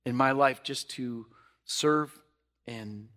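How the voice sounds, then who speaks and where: A middle-aged man, a pastor, preaching a sermon, swinging between quiet reflective stretches and loud animated bursts. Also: mid-range voice, takes it slowly.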